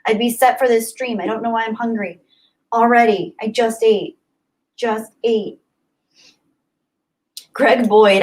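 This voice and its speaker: A woman's voice: a little high, fairly even intonation, a little slow, pauses often, darkish tone, low-quality recording. A young woman hosting a livestream, chatting casually and rambling as she answers viewer comments, often repeating herself. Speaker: livestream host.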